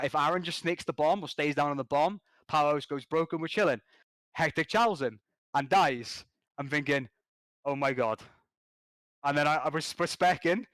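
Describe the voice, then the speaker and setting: Excitable man telling game stories. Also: fairly high pitch, no room sound. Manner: excitable, slangy, quick restarts. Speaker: podcast guest, competitive gamer. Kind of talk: animated storytelling.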